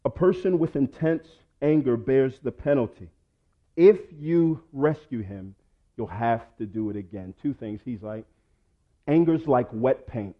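A pastor preaching a sermon, swinging between loud urging and low quiet asides. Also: male voice, animated, a little slow, phone-quality sound.

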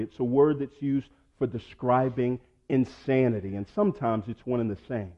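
A pastor preaching a sermon, swinging between loud urging and low quiet asides. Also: male voice, normal speed, few pauses, muffled recording.

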